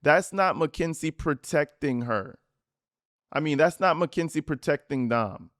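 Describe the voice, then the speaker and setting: A man's voice: fairly high pitch, expressive, a little slow, a bit bright, no echo, studio quality. A man hosting a commentary channel, reacting to interview clips in a mocking, profane way. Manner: mocking, profane, reads text messages in put-on voices.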